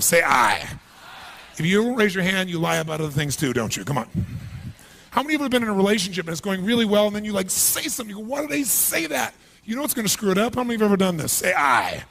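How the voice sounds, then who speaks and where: Male motivational speaker, high-pitched, animated seminar delivery, questions the crowd directly. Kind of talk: live seminar speech. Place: large event hall.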